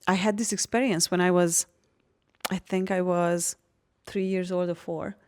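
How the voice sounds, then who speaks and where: A woman from Hungary talks openly in a relaxed podcast conversation. Her voice sits a little low, and she tells stories with animation, often breaking into laughter. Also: moderate pace. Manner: animated storytelling, laughs often, frank and expressive. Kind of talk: casual podcast chat.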